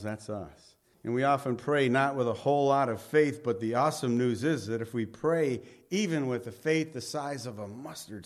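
A man giving a verse-by-verse Bible teaching, reading scripture aloud and then explaining it in lively, everyday speech, often dropping low and quiet to close a point. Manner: animated, reads scripture aloud then paraphrases it conversationally.

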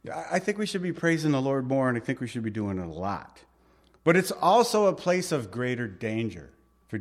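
A man preaching a Bible sermon in a conversational, informal way, with asides to the listeners. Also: mid-range voice. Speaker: pastor.

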